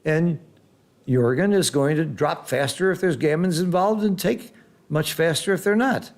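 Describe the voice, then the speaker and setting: A man commenting live on a board game match, reacting loudly to big swings and then explaining the strategy patiently like a teacher. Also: on the high side, moderate pace. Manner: excitable, exclaims loudly at big rolls, then explains calmly.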